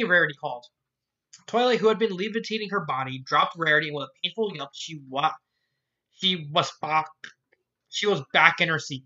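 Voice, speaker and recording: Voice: medium pitch, animated, fairly quick, bright, forceful tone, lo-fi sound. A fan fiction reader narrating a story aloud, often stumbling and restarting lines, with the odd swearing aside. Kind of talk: amateur fan fiction reading.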